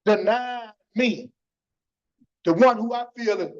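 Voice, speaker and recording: Man, high voice, preaching his testimony with fervor, keeps saying "man"; muffled church stream audio. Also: lively intonation, slow, pauses often. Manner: fervent, repeats phrases, tags lines with "man".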